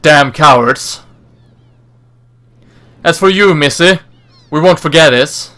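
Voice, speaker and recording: A man's voice: fairly high pitch, takes it slowly, bright, forceful tone. A man voicing a cowardly street thug in a game, blustering as he backs off.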